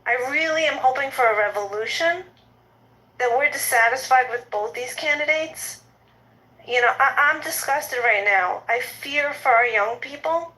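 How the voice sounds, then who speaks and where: A woman in her fifties delivers an impassioned political rant in an audio chat room, agitated and indignant, stumbling and repeating herself as she talks. Her voice sits fairly high and sounds bright and forceful. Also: normal speed, poor audio. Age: 50s.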